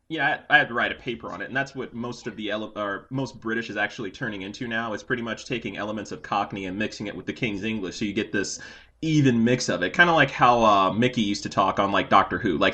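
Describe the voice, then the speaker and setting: A young man talks casually as a podcast host, drifting from point to point with plenty of "like" and "um". His voice is on the low side but sounds bright and forward, and he laughs easily. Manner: rambling, filler-heavy, laughs often. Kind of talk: casual chat.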